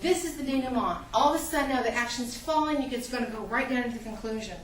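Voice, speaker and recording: Female college lecturer, high and animated, acts out reader reactions, recorded from afar in a reverberant classroom. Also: quick pace, slight background noise. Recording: echoey classroom, mic far off.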